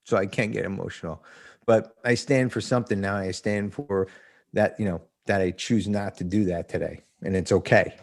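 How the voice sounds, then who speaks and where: A man's voice: lowish voice, steady tone, moderate pace. A man in his fifties from New Jersey, a podcast guest talking about recovery in a blunt, profane way and laughing often. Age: 50s. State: emotional. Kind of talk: casual recovery interview.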